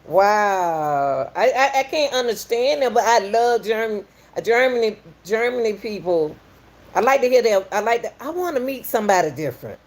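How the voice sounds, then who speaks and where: A woman's voice: a little high, normal speed. A middle-aged woman from Atlanta with a Southern accent, welcoming viewers in a folksy, repetitive live-stream chat as a podcast host. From Atlanta, USA.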